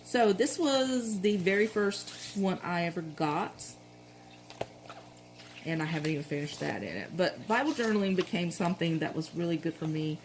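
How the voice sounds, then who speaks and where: Low-voiced Southern woman, chatty. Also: lively intonation, normal speed, a little hiss or hum, low-quality recording. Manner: chatty, rambling, frequent self-corrections. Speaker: planner vlogger. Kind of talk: casual show-and-tell chat.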